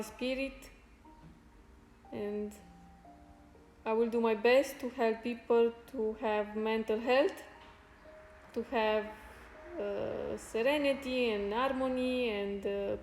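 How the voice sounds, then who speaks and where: A woman with a fairly high voice chats slowly with her viewers on a live stream, soft-spoken and halting and full of thanks. The room around her is roomy and echoey, with faint music behind her. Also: fairly even intonation. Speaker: fitness streamer.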